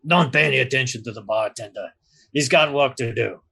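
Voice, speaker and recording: A man's voice: medium pitch, a little fast, vocal fry, sharp tone, breathy edge, exaggerated voice. A man doing a suave doorman with a thick foreign accent. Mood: courteous. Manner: formal, courteous, slightly broken phrasing.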